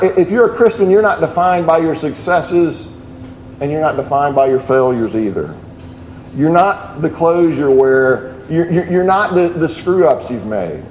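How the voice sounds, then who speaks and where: A man's voice: a little high, a little mellow, a little hiss or hum. A middle-aged man preaching a sermon, earnest and telling stories with many restarts. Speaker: pastor. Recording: echoey room with faint ambience.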